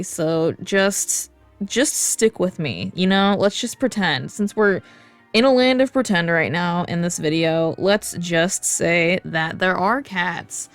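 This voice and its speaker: A woman's voice: lowish voice, dry recording. A woman venting to camera in a loose, digressive comic rant, cursing often as she loses her thread. Her voice is dry and close, with faint music underneath. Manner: rambling, digressive, swears freely. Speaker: comedic vlogger. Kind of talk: casual comedic rant to camera.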